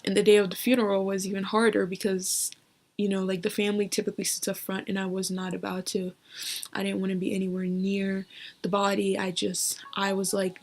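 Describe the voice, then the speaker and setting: A young woman telling a personal story to camera, halting and emotional, often dropping to a whisper, with many fillers. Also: medium pitch, little pitch movement, a little hiss or hum, poor audio. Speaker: vlogger.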